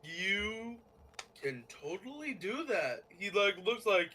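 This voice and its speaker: A man narrating as game master of a tabletop game, in a halting way with many fillers and restarts. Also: high voice, big pitch swings, bright, forceful tone, a little hiss or hum, poor audio.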